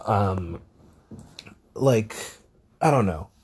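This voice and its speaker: A man's voice: fairly low pitch, expressive, very slow, a little mellow, husky. A man hosting a solo podcast, talking in a rambling casual way, swearing and correcting himself often. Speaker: podcast host.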